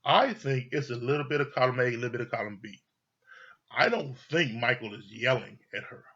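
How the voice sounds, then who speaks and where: A man's voice: mid-range voice, fairly quick, sharp tone, breathy edge. A man giving casual, opinionated commentary on a reality show, blunt and profane, often repeating himself. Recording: dull lo-fi audio.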